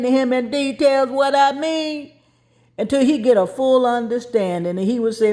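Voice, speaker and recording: A woman's voice: sits high, moderate pace. A woman telling a personal story in a folksy, plain-spoken way with colloquial grammar, acting out the voices as she goes. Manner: lively, acts out voices as she tells.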